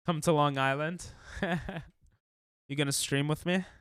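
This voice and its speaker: Streaming a game while sick and coughing, a man jokes casually and reads and replies to his chat. His fairly high, fairly bright voice is smooth, fairly even in intonation, and a little slow, recorded without echo.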